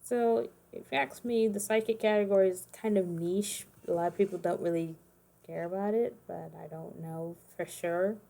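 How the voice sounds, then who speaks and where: Mellow-voiced woman rambling on a livestream. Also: on the low side, steady tone, moderate pace, creaky. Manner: rambling, self-correcting, chatty asides. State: tired, yawning. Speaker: streamer making custom cards. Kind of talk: casual livestream chat.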